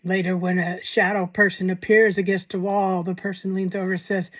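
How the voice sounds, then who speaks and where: A woman's voice: lowish voice, little pitch movement, fairly quick, hardly any pauses. A woman hosting a paranormal channel, talking in a casual, rambling commentary with wry, self-mocking asides.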